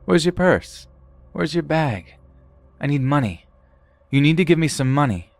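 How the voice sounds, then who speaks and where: A scheming young woman con artist, put on by a man narrating, pushy and shrill. The voice sits high and leaps around wildly. It is recorded close and completely dry. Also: animated, measured pace, creaky, no echo. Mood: demanding.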